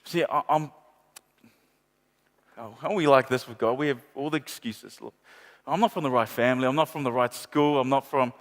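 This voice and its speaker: A middle-aged pastor, preaching a sermon with passionate repetition and playful asides. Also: male voice, mid-range voice, moderate pace, in a large hall. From New Zealand. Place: large church hall.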